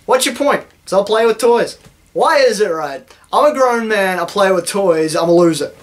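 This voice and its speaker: A man's voice: high-pitched, animated, moderate pace. A young man from New Zealand with a New Zealand accent, ranting sarcastically and with lots of swearing in a satirical vlog. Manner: sarcastic, profane, mock-indignant. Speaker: YouTuber.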